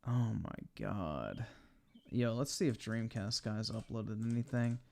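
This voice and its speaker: A man's voice: on the low side, a little slow, gravelly, dark tone. A young man giving blunt, profane live-stream commentary while he watches videos.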